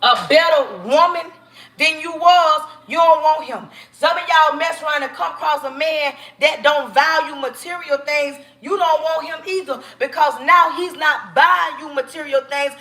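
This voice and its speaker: Bright, high-voiced woman lecturing viewers. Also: normal speed. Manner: emphatic, preachy, addresses viewers directly. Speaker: live-stream host. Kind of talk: relationship advice rant on a live stream.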